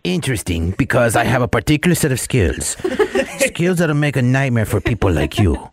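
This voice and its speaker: A man's voice: high-pitched, very animated, drawn-out words, voice pushed down, heavily acted. Guy doing a snooty french rug maker, fake accent, bouncy voice, rude prank call vibe. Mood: haughty. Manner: haughty, insulting, pushy. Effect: phone call.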